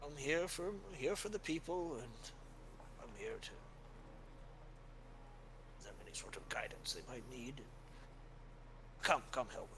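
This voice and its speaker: A man voicing a gentle, tired old male dwarf priest who speaks haltingly and searches for names, in a tabletop game. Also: medium pitch, sing-song, noisy background.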